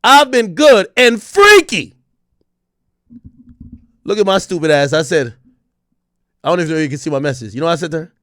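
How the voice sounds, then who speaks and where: A male live streamer talking to his chat in animated, profane street slang, laughing often. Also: on the high side, racing, pauses often, no room sound, clean studio sound. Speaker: streamer host.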